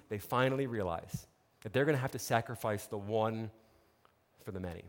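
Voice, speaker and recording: A man preaching a sermon, telling a story with lively, conversational asides to his listeners. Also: lowish voice, moderate pace, big-room sound. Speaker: pastor.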